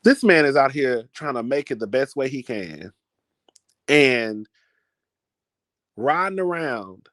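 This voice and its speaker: A man tells a story in a loose, chatty vlog style, dramatic and full of asides. His voice sits in a middle pitch. The sound is dry and close, with no room around it. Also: lively intonation, slow pace, pauses often, a bit bright, no echo. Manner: chatty, dramatic, keeps calling listeners "girl". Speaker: vlogger. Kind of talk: casual storytelling to camera.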